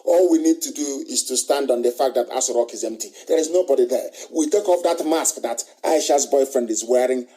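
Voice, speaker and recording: A middle-aged Nigerian broadcaster delivers a passionate live radio monologue, driving his points home with repeated rhetorical questions and declarations. His voice is a little high with a dark tone, and the audio quality is poor.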